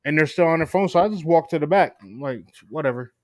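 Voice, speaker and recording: A laid-back man chats and swaps stories, his voice sitting a little high. He swears casually and slips into quick put-on voices for customers. The sound is dry and close, with no room around it. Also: expressive, no room sound. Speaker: podcast co-host. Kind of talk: casual chat. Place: works at a gas station in New York City.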